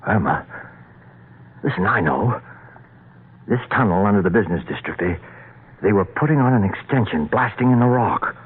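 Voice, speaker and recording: A man's voice: fairly low pitch, expressive, normal speed, pauses often, husky. An actor playing a frightened young man trapped in a tunnel, stammering and tense, in a 1930s radio horror drama. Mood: brooding. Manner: stammering, tense, breaks into panicked shouts. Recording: lo-fi, phone-like old radio transcription.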